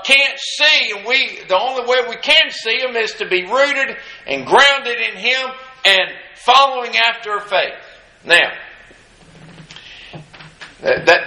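A man's voice: very high voice, sharp tone, reverberant, poor audio. A man preaching a sermon, impassioned and repetitive, with emphatic refrains and many restarts.

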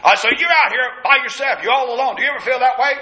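Man preaching, high sharp voice, big swoops, dramatic, church echo all around. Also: fast talker. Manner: dramatic preaching, acting out the scripture quotes. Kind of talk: sermon. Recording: echoey church room.

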